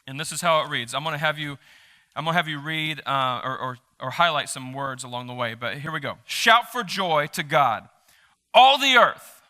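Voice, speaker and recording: Bright-voiced animated male pastor preaching. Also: on the high side. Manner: animated, emphatic, joking with the congregation. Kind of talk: live sermon. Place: church sanctuary during a service.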